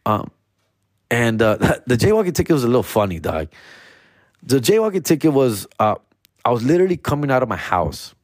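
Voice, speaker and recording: A man telling comic stories in a loose, profane, slang-filled way, slipping into animated voices. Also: medium pitch, a little fast, long pauses, no echo, clean studio sound. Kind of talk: casual comedic storytelling.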